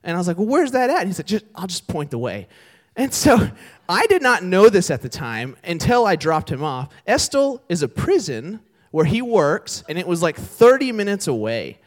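A man's voice: high voice, wildly swooping pitch, moderate pace. A young man preaching a sermon to a live audience, telling a story in a casual, chatty way and often checking in with the crowd. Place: church service before an audience.

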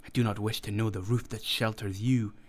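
A man's voice: on the low side, steady tone, a little fast, natural voice. A man reading as a bitter, shabby old drunkard. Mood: vehement. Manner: blunt, vehement.

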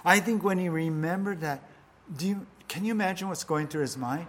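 Male pastor, unhurried halting sermon delivery, slightly high voice, faint room noise behind. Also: fairly bright tone. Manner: slow, halting storytelling with voiced quotes.

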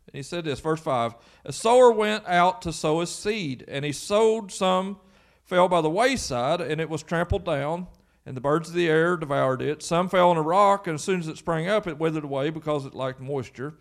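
Man, pastor, high voice, emphatic sermon, rhetorical questions. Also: normal speed.

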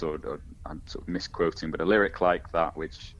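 A man with a very low voice, feeling his way through his thoughts with constant fillers and restarts. His audio sounds muffled and dull, as if it came through a lo-fi mic. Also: flat delivery, normal speed, hardly any pauses, a bit bright. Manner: hesitant, searching, many fillers. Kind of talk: casual discussion.

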